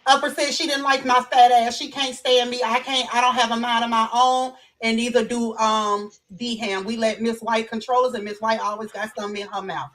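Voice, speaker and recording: A woman's voice: on the high side, flat delivery, normal speed, few pauses, fairly bright tone. A woman host talking to her livestream chat in an emphatic way and repeating her questions. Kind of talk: casual livestream talk. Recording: distant from the mic.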